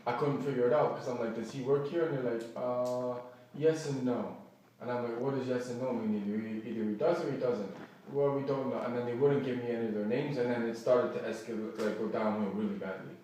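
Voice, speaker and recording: An agitated man tells his story in a vivid rush, acting out what everyone said and often restarting his sentences. He sits some way from the mic. A very echoey room and faint noise surround his mid-pitched voice. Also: brisk, far from the mic. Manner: animated, acts out quoted dialogue, restarts often. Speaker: person recounting an incident. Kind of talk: agitated first-person storytelling.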